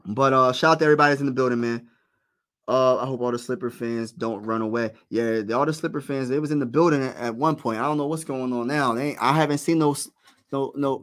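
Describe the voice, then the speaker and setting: Excited fan host calling a basketball game. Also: male voice, mid-range voice, fast talker. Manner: excited partisan, slangy, talks to chat. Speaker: livestream play-by-play host. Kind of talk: casual live fan play-by-play.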